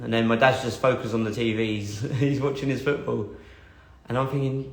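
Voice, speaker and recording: A young man gives a motivational monologue built on a personal story, blunt and earnest, swearing and repeating phrases for emphasis. His voice is medium in pitch at a normal speed, and the room is echoey.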